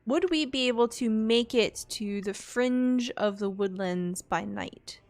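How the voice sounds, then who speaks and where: A woman's voice: fairly high pitch, slow pace. A woman playing a tabletop game, thinking aloud hesitantly. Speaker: player.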